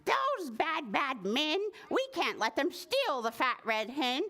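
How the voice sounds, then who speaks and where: A woman's voice: sits high, very animated, takes it slowly, pushed and bright, full character voice. A woman voicing two indignant farm cats in a storybook read-aloud.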